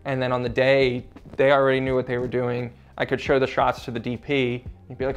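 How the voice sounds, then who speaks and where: A man's voice: mid-range voice, completely flat delivery, brisk, lo-fi sound, faint music behind. A young man, a filmmaker guest in a casual interview, talking earnestly with many fillers and growing emotional.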